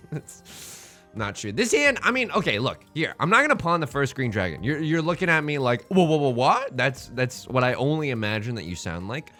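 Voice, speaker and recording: A man's voice: medium pitch, pushed and bright. A man hosting a let's play, giving casual gameplay commentary full of joking, rambling asides.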